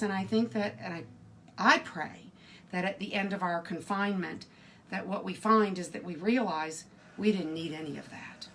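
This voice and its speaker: A woman's voice: mid-range voice, normal speed, fairly bright tone, slight background noise. A middle-aged woman hosting a live home cooking stream from her kitchen, talking earnestly and chatting with viewers by name. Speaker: cooking show host.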